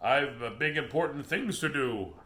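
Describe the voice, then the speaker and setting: A man voicing a rude, boastful dump truck from a children's storybook, talking slowly and self-importantly. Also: mid-range voice, expressive, bright, forceful tone. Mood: pompous.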